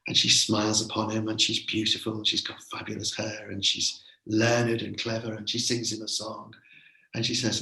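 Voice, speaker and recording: A man telling a story live in a playful, animated way, with chatty asides. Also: lowish voice, normal speed, vocal fry, reverberant, poor audio.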